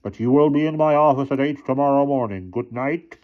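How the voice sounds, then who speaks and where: A man's voice: medium pitch, fairly quick, dull audio, pitched above the performer's own voice, lightly acted. A man reading aloud, voicing a stern, commanding older headmaster with a clipped delivery. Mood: barking. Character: stern older male headmaster, icy temper.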